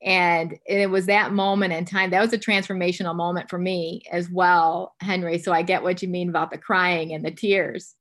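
A woman's voice: fairly low pitch, little pitch movement, moderate pace, few pauses. A woman in her fifties hosting a faith interview podcast, talking in a chatty way with many asides. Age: 50s. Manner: chatty, warm-hearted asides with many fillers. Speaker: podcast host. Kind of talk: conversational interview.

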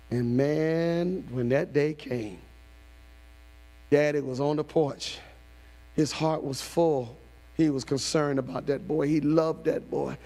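A man pastor preaching a sermon, shifting from hushed storytelling to shouted calls. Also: fairly high pitch. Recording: long hall reverb.

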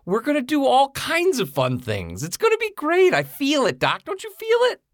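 A man co-hosts a casual podcast over a video call, and his pitch leaps all over the place as he rambles and jokes with excitable energy. The sound is dry and close, with no room around it. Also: normal speed, no echo. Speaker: podcast co-host. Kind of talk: casual chat.

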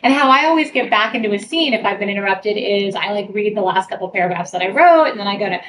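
A woman's voice: medium pitch, expressive, fast, fairly bright tone. A middle-aged woman, an author, telling stories to fans in a casual group interview, laughing often. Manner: chatty, laughing storyteller. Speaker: author answering fan questions. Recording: far from the mic with clear background noise.

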